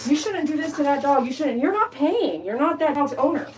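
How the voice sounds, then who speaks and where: A woman's voice: sits high, expressive, brisk, a little hiss or hum, rough recording. Chatty woman over buzzing clippers. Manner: chatty, blunt, talks to the dog and viewers. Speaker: dog groomer. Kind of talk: casual talk while grooming. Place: grooming room. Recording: clipper buzz behind the voice.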